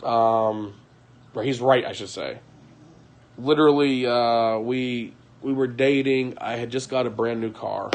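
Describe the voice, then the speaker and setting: A man's voice: medium pitch, steady tone, unhurried. Man telling a raw, agitated story. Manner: agitated storytelling, voice rising and falling sharply; frequent restarts and profanity. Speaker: vlogger. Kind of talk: emotional confessional monologue.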